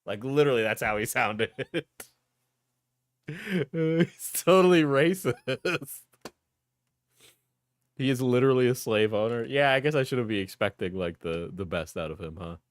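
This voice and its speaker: Man streaming a reaction, joking and laughing, lively pitch, dry sound. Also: unhurried, dry recording.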